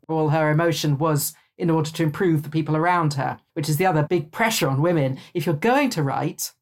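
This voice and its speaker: A woman, speaking as a guest in a thoughtful, measured podcast conversation. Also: low voice, a little mellow. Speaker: author and guest.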